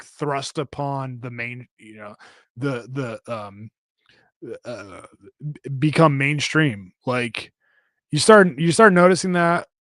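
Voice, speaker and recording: A man's voice: on the high side, a bit bright, dry recording. A man in his thirties talks loosely into a close, dry podcast microphone. He rambles, swears freely and stumbles over fillers and restarts while he reads out viewer comments. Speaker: podcast co-host. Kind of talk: casual live-stream chat reading comments.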